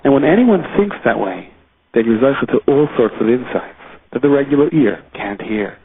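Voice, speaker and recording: A man, a rabbi, giving a Torah lecture in an animated storytelling manner with pitch rising and falling for emphasis. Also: moderate pace, creaky, a little hiss or hum. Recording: tinny phone-line audio.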